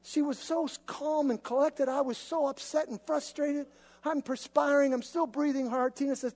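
A man preaching a sermon, telling stories in an animated, conversational way. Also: very high voice, moderate pace. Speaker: pastor. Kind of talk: sermon with personal storytelling. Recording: long reverb of a large hall.

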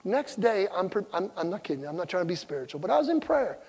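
Animated male pastor in a reverberant hall. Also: sits high, fast, slightly rough. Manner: animated storytelling, acting out both sides of an argument. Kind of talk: storytelling sermon.

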